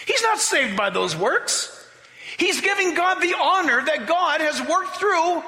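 Male pastor, emphatic sermon voice, very bright tone, reverberant church hall. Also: extremely high pitch, very animated, unhurried. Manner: emphatic, exhorting, with humorous asides.

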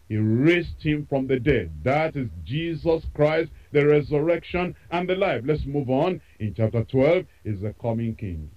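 Animated preacher man on lo-fi radio. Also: on the high side. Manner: expressive preaching with emphatic repetition. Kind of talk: sermon.

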